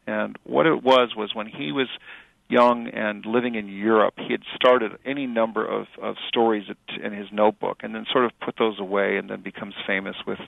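A middle-aged male author and journalist answering interview questions in a thoughtful, halting way with many fillers and restarts. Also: fairly low pitch, steady tone, vocal fry, no echo. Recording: dry tinny phone-like radio audio.

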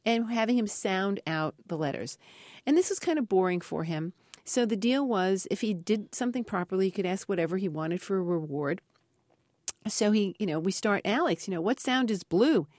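A woman researcher being interviewed, telling lively anecdotes and acting out the voices in them. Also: medium pitch, dry recording, studio quality. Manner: animated storyteller, acts out voices in anecdotes. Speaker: parrot researcher guest. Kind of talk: interview storytelling.

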